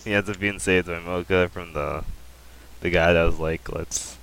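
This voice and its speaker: Chill guy on a podcast, very low flat voice, a bit of hiss. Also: moderate pace, smooth, rough recording. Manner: laid-back, brief replies. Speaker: podcast co-host. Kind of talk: casual chat.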